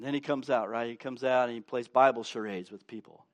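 A man's voice: mid-range voice, steady tone, moderate pace, few pauses. A male pastor preaching a sermon to a congregation in a church, playful and acting out the voices of the characters as he goes.

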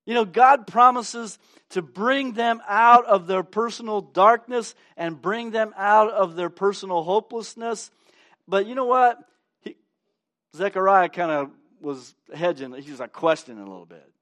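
A man's voice: sits high, measured pace, a bit bright. A male pastor preaching a sermon to a congregation in a church, playful and acting out the voices of the characters as he goes.

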